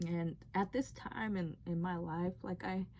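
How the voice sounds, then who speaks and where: Young female vlogger with a low, mellow voice; earnest, rambling testimony full of fillers. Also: steady tone, a little slow, slight background noise. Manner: rambling, heavy use of "like". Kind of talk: emotional personal storytelling.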